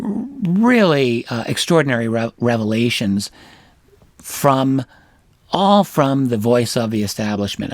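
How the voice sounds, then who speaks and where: A middle-aged man talks through a solo analysis at a measured, deliberate pace, pausing on fillers and restarting phrases as he thinks. His voice sits at an ordinary male pitch and is recorded dry and close, with no room around it. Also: no room sound. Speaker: show host.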